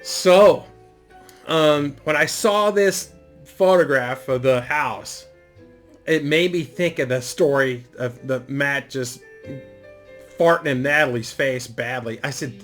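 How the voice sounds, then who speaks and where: A man's voice: medium pitch, takes it slowly, a bit bright, faint music behind. A middle-aged man telling a story in a casual monologue, rambling and profane, with lots of fillers. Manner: rambling, profane, laid-back delivery with frequent fillers. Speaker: YouTube storyteller.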